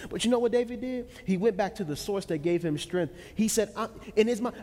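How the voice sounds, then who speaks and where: A man preaching a sermon, telling a story dramatically, with swings between loud peaks and hushed lows, and speaking in a Black American vernacular style. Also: brisk, hardly any pauses. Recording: long hall reverb.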